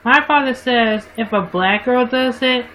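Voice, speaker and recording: Woman vlogger, casual livestream monologue, slow and rambling, fairly high voice, faint background hiss. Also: a bit bright, low-quality recording. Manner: rambling, frequent self-corrections and restarts.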